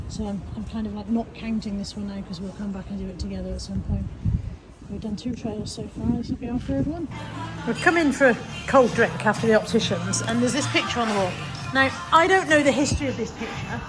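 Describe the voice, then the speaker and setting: A woman's voice: a little high, rough recording. A woman vlogging casually to her camera, with wry, self-deprecating storytelling. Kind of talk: casual chatty vlog.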